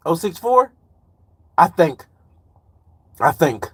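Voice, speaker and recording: A man's voice: fairly high pitch, sing-song, takes it slowly, slightly rough, no room sound. A man in his forties from Chicago, chatting loosely on a live stream and reading comments aloud in slangy, rambling talk. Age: 40s. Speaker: livestreamer and truck driver.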